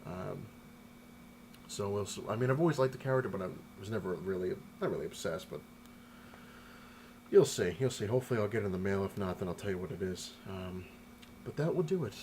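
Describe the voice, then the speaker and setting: A man's voice: fairly low pitch, expressive, brisk, pauses often, a little mellow, slight background noise, rough recording. A man talking casually to the camera at home, loose and chatty, often repeating himself as he rambles through his vlog. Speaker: collector vlogger showing his haul. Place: apartment at home.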